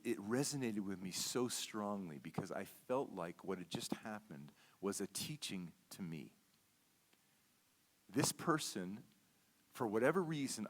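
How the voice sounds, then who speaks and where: Low-voiced man telling a sermon story. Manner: conversational, repeats words, checks in with "okay?". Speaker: guest speaker. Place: church sanctuary.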